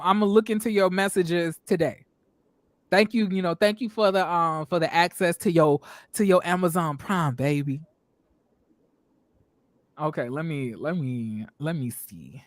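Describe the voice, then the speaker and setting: A young man hosting a casual reality TV review show, animated and profane, laughing often and putting on voices when he quotes people. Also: high voice, no room sound. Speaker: show host.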